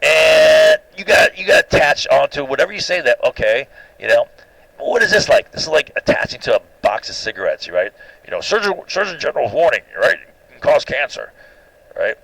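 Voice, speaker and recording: A man giving an informal recorded lecture, animated and opinionated, constantly checking in with "right?". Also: fairly high pitch, moderate pace, creaky, no echo, low-quality recording.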